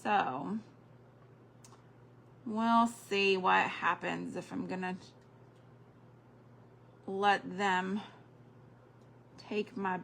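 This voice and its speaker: Older woman, craft livestream host, unhurried and gravelly, counts under her breath. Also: medium pitch, steady tone, fairly bright tone, a little hiss or hum. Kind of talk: casual chat while crafting.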